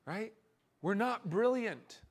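A middle-aged man preaching a sermon as pastor, earnest and emphatic, dropping into quiet confessional stretches. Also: sits high, lively intonation, slow, creaky.

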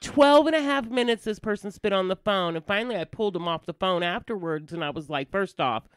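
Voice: medium pitch, fast talker, smooth, dry recording. A podcast co-host chatting casually and venting bluntly about difficult customers, with plenty of swearing. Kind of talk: casual chat.

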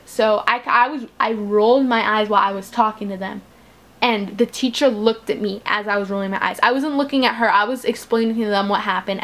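A teenage girl casually retelling a school story, chatty and animated, acting out the quotes with exasperation. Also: on the high side. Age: teens.

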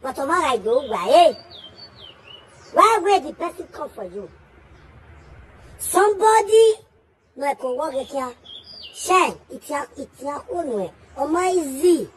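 A Nigerian woman delivers an emphatic, scolding message to the camera in defense of a friend, firing off repeated questions. Her voice sits high with big pitch swings at a measured pace, and there's slight background noise.

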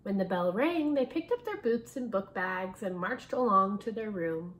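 A woman reading a picture book aloud to children in an expressive way, stopping to ask her listeners questions. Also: medium pitch, normal speed. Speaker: storybook reader.

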